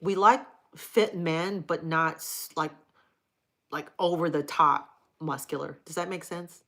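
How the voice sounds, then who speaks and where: A woman's voice: low-pitched, steady tone, measured pace, a bit bright. A middle-aged woman hosting a casual livestream, chatting frankly and with profanity while reading viewer comments aloud. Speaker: livestream host.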